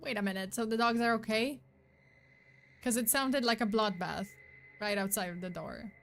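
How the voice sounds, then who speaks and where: A woman's voice: a little high, moderate pace, a little hiss or hum. Rambling woman streamer. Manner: rambling, lots of fillers and self-corrections. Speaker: streamer host. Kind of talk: casual commentary on videos.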